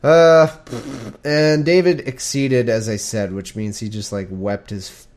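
A man's voice: mid-range voice, steady tone, a little slow, a little mellow. A man reading scripture aloud and joking about it in a casual, irreverent way, laughing at his own remarks. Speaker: scripture reader and commentator.

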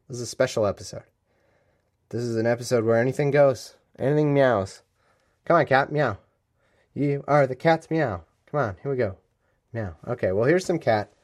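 A podcast host with a mid-range, somewhat dark voice streams casually from a room in his home. His livestream chat rambles and jokes, and he keeps cutting himself off.

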